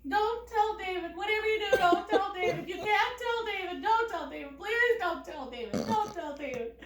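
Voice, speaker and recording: A woman voicing her flustered elderly mother, pleading in a high, plaintive voice. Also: animated, normal speed, pushed and bright, reverberant, distant mic, exaggerated voice.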